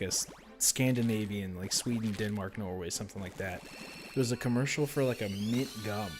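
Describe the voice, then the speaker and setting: A man with a fairly low voice chats casually while he streams a game. He rambles from one story to the next and laughs through his own jokes. Game music plays clearly underneath. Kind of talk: casual live-stream chat.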